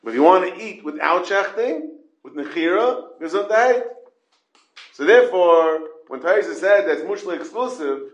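A man's voice: high-pitched, animated, normal speed, roomy sound, dull audio. A man teaching a Talmud class, repeating points and asking rhetorical questions. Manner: explains in repeated questions, stressing key words.

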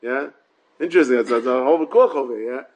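A man's voice: medium pitch, fast, darkish tone, low-quality recording. A man giving a Talmud study class in casual English, mixing in Hebrew and Yiddish terms, often repeating words and checking in with "yeah?" and "right?". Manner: asks rhetorical check-ins like "yeah?" and "right?". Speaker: Torah study teacher.

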